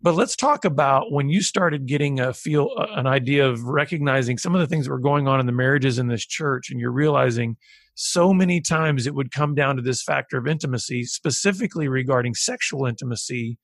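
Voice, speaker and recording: A man's voice: mid-range voice, a little fast, no room sound, studio quality. A man hosting an interview, asking long, thoughtful questions. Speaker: podcast host.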